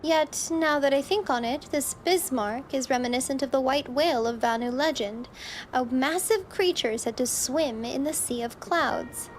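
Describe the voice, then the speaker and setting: A woman voicing a composed noblewoman commander, reading game dialogue in a measured, formal way. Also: sits high, a little hiss or hum, close to an everyday voice. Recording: game music playing underneath.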